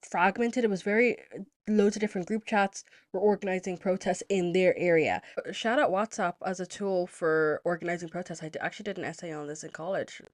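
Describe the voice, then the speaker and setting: A young woman from Zimbabwe hosting a podcast, telling a story in a casual, animated way and moving into political commentary, with lots of "like" and some swearing. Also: on the low side, brisk. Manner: animated, chatty, heavy use of "like", swears freely. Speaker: podcast host.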